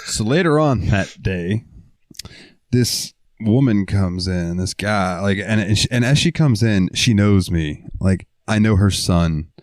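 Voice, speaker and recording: Young male podcast host, casual profane storyteller, low-ish, dry close sound. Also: expressive, a little slow, a little mellow, no echo. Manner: rambling, profane, lots of fillers.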